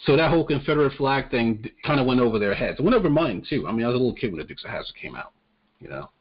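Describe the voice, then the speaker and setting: A man's voice: medium pitch, big pitch swings, racing, slightly rough. Blunt, profane man on muffled audio. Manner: blunt, profane, stammers on restarts. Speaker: podcast co-host. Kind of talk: casual political chat.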